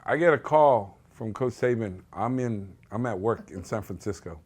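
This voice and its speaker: Middle aged dad, lowish voice, just chatting through old stories for a doc interview. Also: male voice, expressive, normal speed, darkish tone, slightly rough. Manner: conversational storytelling. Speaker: parent of an athlete. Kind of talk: documentary interview.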